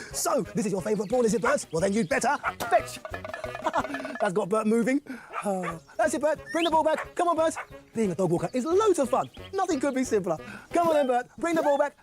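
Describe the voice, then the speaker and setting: A man's voice: very high voice, very animated, brisk. A man playing a cheerful, bumbling dog walker in a children's show, chatting away to his dog. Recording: voice over loud background music.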